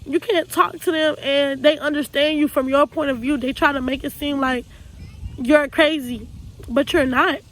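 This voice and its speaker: A woman's voice: sits high, steady tone, normal speed, low-quality recording. A young woman from Texas telling her life story to camera, earnest and raw, often repeating herself in loose casual speech. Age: young adult. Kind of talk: personal storytime monologue.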